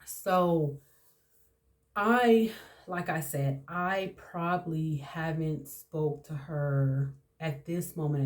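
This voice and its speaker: A woman of about forty hosts a podcast, her low voice slightly mellow. She shares a personal story candidly and emotionally, often repeating herself.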